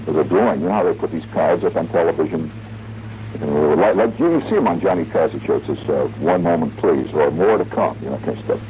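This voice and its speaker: In a late-night radio monologue, a Midwestern American man in his forties tells a long, wry, rambling story, humming tunes and mimicking sounds along the way. His rumbling low voice is animated and fast. Recorded on a studio radio mic, it sounds like a dull, muffled 1970s broadcast with faint hiss.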